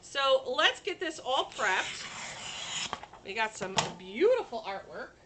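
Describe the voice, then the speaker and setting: A woman's voice: high-pitched, very animated, takes it slowly, noisy background. A woman hosting a chatty live crafting stream, bubbly and talking straight to her viewers.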